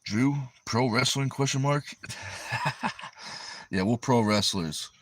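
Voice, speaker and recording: A Connecticut man with a New England accent, an arm wrestler who hosts livestreams, reads viewer comments aloud in an easygoing, rambling way. His voice is mid-range at a moderate pace, with no room sound.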